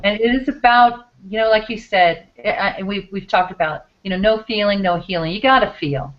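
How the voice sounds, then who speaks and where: A woman's voice: medium pitch, normal speed, muffled recording, a little hiss or hum. A woman hosting a talk show, earnest and meandering, with many fillers. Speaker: show host.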